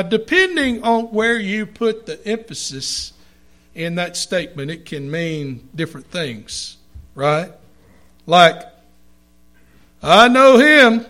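Slow, high-voiced male preacher. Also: fairly bright tone. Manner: reads scripture aloud, slow and emphatic. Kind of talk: sermon.

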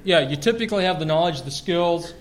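Lively, joking male preacher. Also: fairly high pitch, brisk. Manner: lively and joking, quizzing the congregation. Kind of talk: sermon.

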